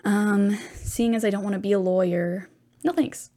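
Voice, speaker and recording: A teenage girl hosting her own podcast, rambling and chatty with lots of fillers, at a middle pitch. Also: fairly even intonation, moderate pace, mellow. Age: teens. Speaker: podcast host. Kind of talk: casual podcast monologue.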